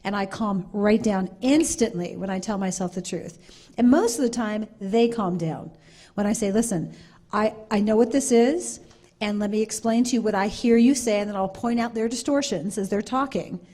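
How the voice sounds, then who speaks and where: A woman's voice: medium pitch, normal speed, warm tone. A woman speaking on a conference panel, earnest and repetitive, acting out little quoted exchanges as she explains.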